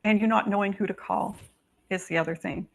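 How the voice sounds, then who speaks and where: A woman working as a psychic medium, talking through a reading over a video call in a halting way, full of "um" and "like". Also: medium pitch, steady tone, vocal fry.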